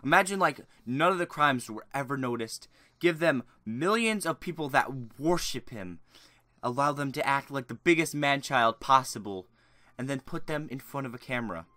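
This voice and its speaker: A man's voice: medium pitch, lively intonation, moderate pace, bright, forceful tone, no room sound. A man giving sarcastic, crude reaction commentary with mocking, rambling asides. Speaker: YouTube commentator.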